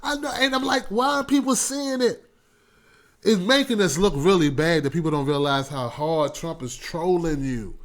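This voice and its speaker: High-voiced man ranting casually. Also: normal speed, hardly any pauses. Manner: animated, repetitive, laughs often. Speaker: talk show host. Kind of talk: casual political commentary.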